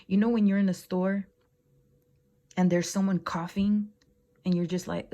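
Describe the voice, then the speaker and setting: A woman's voice: on the low side, fairly even intonation, moderate pace, vocal fry, pauses often, dark tone. A woman vlogger telling a dream story in a casual, rambling way, with slangy phrasing, lots of fillers and swearing. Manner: slangy, laid-back phrasing.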